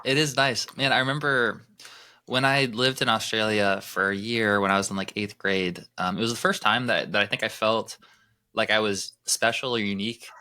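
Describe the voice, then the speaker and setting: A man's voice: fairly low pitch, steady tone, moderate pace, sharp tone, smooth. An American man hosting a podcast interview, upbeat and jokey, laughing often. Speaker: podcast host. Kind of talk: casual interview chat.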